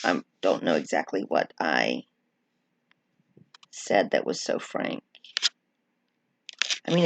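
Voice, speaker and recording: A woman's voice: a bass voice, creaky, breathy edge, no room sound. A middle-aged woman live-streaming, chatting casually and rambling with many fillers while reading viewer comments. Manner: chatty, rambling, frequent likes and ums. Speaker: streamer sharing wrestling memories.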